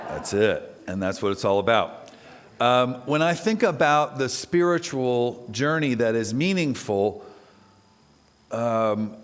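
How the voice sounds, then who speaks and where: A man from Texas giving a conversational sermon at a spiritual center, chatty and animated, often asking the audience questions. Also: mid-range voice. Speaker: guest speaker at a spiritual center.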